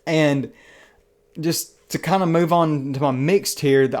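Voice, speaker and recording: A man's voice: on the high side, darkish tone. Chatty Southern man reviewing a film. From Southern United States. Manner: rambling and chatty, restarts phrases, many fillers; earnest and enthusiastic. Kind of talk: casual spoken movie review.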